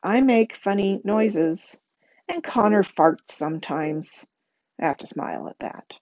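A woman reading a novel aloud, expressive, with a lively rhythm in lists. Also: mid-range voice, measured pace, dry recording, muffled recording. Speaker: reader.

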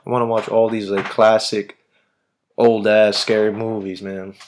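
A man's voice: on the low side, level tone, unhurried, slight background noise. A man hosting a podcast, chatting casually in a rambling way, swearing constantly and using lots of slang. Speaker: podcast host. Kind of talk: casual chat.

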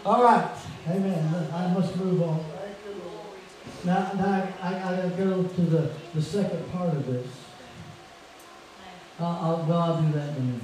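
Fervent preacher in an echoing church. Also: male voice, fairly high pitch, steady tone, measured pace, long pauses. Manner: fervent, rising to shouted praise. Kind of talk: sermon. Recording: echoey church from far off.

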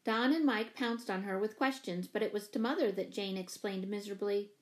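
A woman narrating a children's novel in a clear, even storybook reading. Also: medium pitch, fairly quick, few pauses. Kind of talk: scripted narration.

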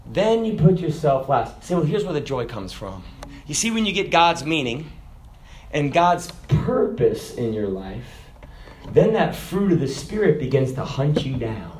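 A man preaching a sermon, moving from loud, emphatic lines to soft, low asides. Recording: echoey hall.

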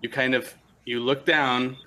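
A man running a tabletop game as game master, narrating in a relaxed, halting way. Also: medium pitch, a little hiss or hum.

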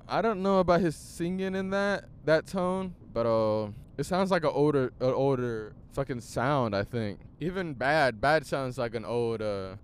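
A man's voice: mid-range voice, clean tone. A young man hosting a podcast, talking casually and profanely while driving, switching between English and Spanish. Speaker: podcast host. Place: inside a car on the highway.

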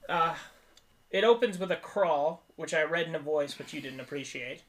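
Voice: mid-range voice, normal speed, fairly bright tone, slight background noise. Rambling twenties podcast co-host. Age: 20s. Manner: rambling, tangent-prone, laughing often. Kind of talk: casual movie-review banter.

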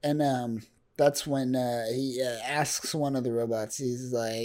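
A man casually recapping a comic book on a podcast, halting with fillers and acting out the characters' lines. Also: mid-range voice. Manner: relaxed, halting, many fillers, acts out quoted characters. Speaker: podcast co-host.

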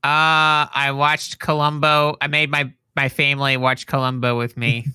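A man's voice: on the high side, flat delivery, unhurried, sharp tone, smooth, dry recording. A man co-hosting a casual comedy podcast, telling stories in a laid-back way. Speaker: podcast co-host.

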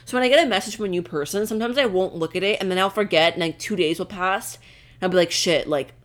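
A woman's voice: medium pitch, racing. A young woman co-hosting a podcast, chatting casually with lots of "like" and frequent laughter. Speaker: podcast co-host. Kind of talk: casual chat.

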